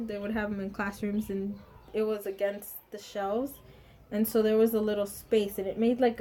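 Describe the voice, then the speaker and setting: Woman vlogger doing a storytime, kinda high voice, goes quiet then gets super loud and animated. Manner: animated, swings between hushed and loud exclamations. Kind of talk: casual storytime vlog.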